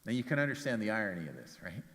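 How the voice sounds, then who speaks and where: A man's voice: very animated, racing, a bit bright. A man, a pastor, preaching a sermon and retelling a Bible story conversationally, often doubling words as he starts phrases. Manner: storytelling, acts out quotes with big pitch jumps. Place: church sanctuary. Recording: long church hall reverb.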